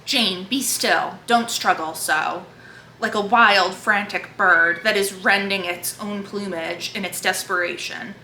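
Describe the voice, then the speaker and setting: A commanding older gentleman pleads with the woman he loves, as a woman reads his lines aloud. The delivery is earnest and dramatic, in a bright voice. An echoey room surrounds it. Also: medium pitch, fairly even intonation, slow pace, a little hiss or hum. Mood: pleading.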